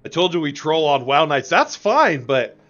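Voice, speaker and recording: Young male streamer, chatty and joking, lively pitch, middle register, faint music behind. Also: moderate pace, lo-fi sound. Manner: rambling, joking, talks to chat. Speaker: game streamer. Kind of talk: casual live-stream gameplay commentary.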